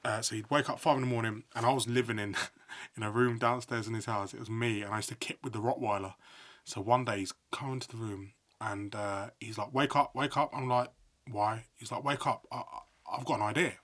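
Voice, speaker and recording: Podcast guest, man, middle-aged, animated storyteller, lower voice. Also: brisk. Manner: animated storyteller, acts out quotes. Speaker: podcast guest, sports broadcaster. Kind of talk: casual storytelling chat.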